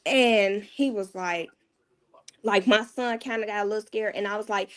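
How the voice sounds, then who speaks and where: A woman, a mother appearing as a guest, tells a painful personal story in a candid, casual way, often dropping her voice low. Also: moderate pace, fairly bright tone, clear, resonant tone.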